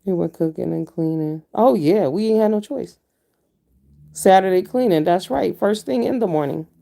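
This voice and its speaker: Blunt, profane woman with a gravelly voice. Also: lowish voice, moderate pace, dark tone. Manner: blunt and profane, with frequent mm-hmms. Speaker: vlogger. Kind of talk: casual rant to viewers.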